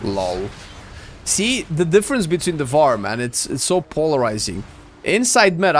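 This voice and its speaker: Gravelly laid-back male streamer. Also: a little high, big pitch swings, moderate pace, slight background noise. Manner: chatty, laid-back, answers chat. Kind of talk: casual gameplay commentary. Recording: faint music under the voice. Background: faint game music.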